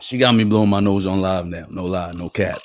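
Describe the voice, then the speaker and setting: A man's voice: low voice, steady tone, fairly quick, dry recording, studio quality. A man hosting a casual live commentary show with a stuffy nose and a catching throat, calling out chat viewers by name in slangy talk. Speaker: livestream show host.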